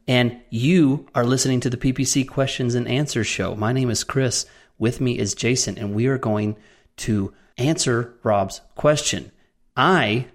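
A man hosting a casual podcast, joking around and reading out a listener's question. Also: medium pitch. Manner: joking, reads listener emails aloud. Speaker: podcast host.

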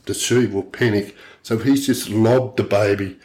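A man's voice: fairly low pitch, measured pace. A man co-hosting a podcast, telling a story bluntly and swearing heavily as he goes. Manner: blunt, heavy swearing, animated retelling. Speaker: podcast co-host. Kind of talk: casual storytelling chat.

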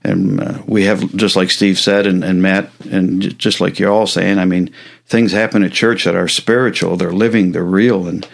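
A pastor with a low, gravelly voice rambles warmly through his points on a podcast. He strings his thoughts together with many ands and affirmations. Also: level tone, normal speed. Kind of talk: casual podcast chat.

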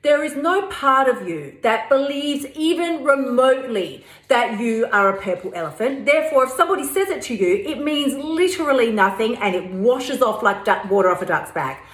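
A woman's voice: fairly high pitch, lively intonation, moderate pace, hardly any pauses. A woman hosting a podcast, talking in a chatty, emphatic way with playful asides. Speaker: podcast host. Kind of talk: casual motivational podcast talk. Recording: roomy sound with faint music.

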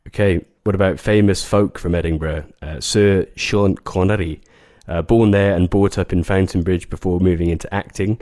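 A man talking casually as a regular podcast guest, relaxed and offhand. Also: sits low, moderate pace, no echo, clean studio sound. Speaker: property investment expert guest.

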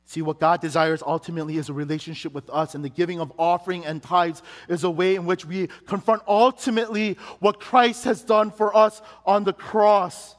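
A man's voice: high voice, fairly even intonation, fairly quick, few pauses, in a large hall. A man preaching a sermon as pastor, telling a personal story and building to emphatic rising questions. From Chicago, United States.

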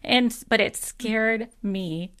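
A woman's voice: fairly high pitch, slow, a bit bright, clear, resonant tone. Woman, host, casual interview chat, curious, inquisitive. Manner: curious, asks questions, laughs easily.

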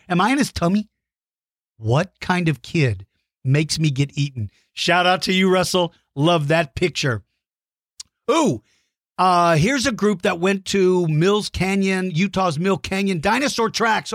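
High, bouncy man hosting a kids' show. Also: measured pace, dry recording, clean studio sound. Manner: animated, mock-outraged shouting; enthusiastic, praising. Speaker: kids' podcast host. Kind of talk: reading listener mail.

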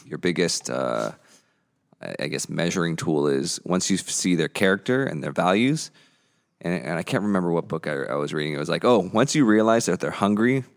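A man co-hosting a podcast in casual chat, earnest and halting as he often restarts his thoughts. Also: low-pitched, animated, vocal fry. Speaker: podcast co-host.

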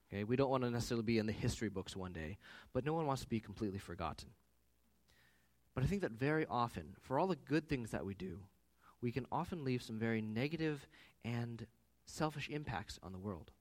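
Pastor, 30s, man; lively, swooping delivery, chatty sermon full of family anecdotes. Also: mid-range voice, a little fast. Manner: animated, conversational with personal anecdotes.

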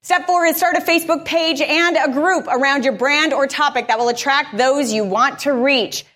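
A woman podcaster giving a live conference talk, energetic, candid and conversational. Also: sits high, normal speed.

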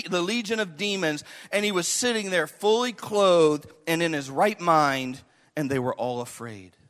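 A man's voice: high-pitched, sharp tone, big-room sound. A male pastor preaching a sermon with passion, acting out the voices of the people in the story.

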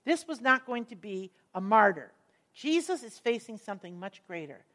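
A woman teaching a Bible passage, earnest and emphatic, slowing down to stress key words as she explains the verses. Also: mid-range voice, very animated, fairly bright tone.

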